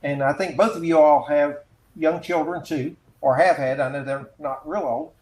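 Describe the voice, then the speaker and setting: A man moderating a panel who reads out audience questions, hesitant and filled with pauses. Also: a little high, fairly even intonation, a little mellow, echoey room, low-quality recording. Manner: hesitant, with many fillers while reading names. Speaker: webinar moderator.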